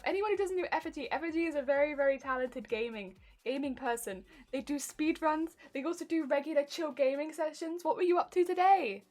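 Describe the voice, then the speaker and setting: High-voiced woman streamer, laughing storyteller. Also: fairly quick. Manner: animated storytelling, laughs often; reads and answers viewer chat. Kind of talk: casual live-stream chat.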